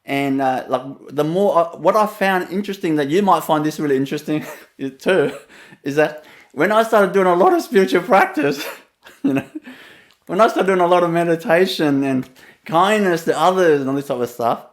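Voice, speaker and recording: Speaking fairly high, a Vietnamese-accented man talks like a spiritual teacher in a relaxed, storytelling way. He chuckles frequently between phrases and stops on plenty of "uh" and "you know" fillers.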